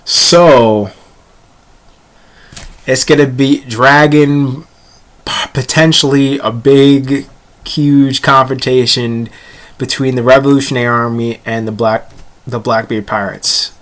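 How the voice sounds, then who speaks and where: A man's voice: mid-range voice, steady tone, takes it slowly, long pauses, fairly bright tone. A young man casually reviewing a comic chapter, rambling and often stumbling over words and restarting.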